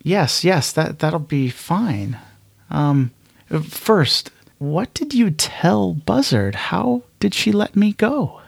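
A man's voice: a little high, big pitch swings, takes it slowly, gravelly, slightly rough, no room sound, pitched above the performer's own voice, exaggerated voice. A man voicing an earnest young spacefaring woman in a solo tabletop game, speaking in a stammering, surprised way. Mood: curious.

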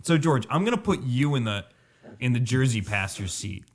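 A man's voice: mid-range voice, expressive, normal speed. A man in his late twenties co-hosting a podcast in a playful, joking, rambling way. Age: late 20s. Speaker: podcast co-host. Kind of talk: casual chat.

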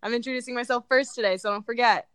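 A woman's voice: on the high side, racing, fairly bright tone, smooth, dry recording. A young woman hosting a podcast in casual chat, laughing often and swearing casually. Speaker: podcast host.

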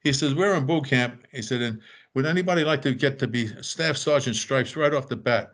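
A man's voice: medium pitch, a little fast. An older man telling casual anecdotes, acting out the voices of the people in them. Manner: animated, acts out quoted voices. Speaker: storyteller guest.

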